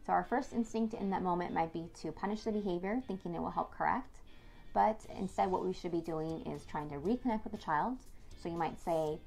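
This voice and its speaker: A woman in her thirties, an expert on child development, explaining discipline clearly with the odd filler. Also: on the low side, fast, soft background music. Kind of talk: educational talk to camera.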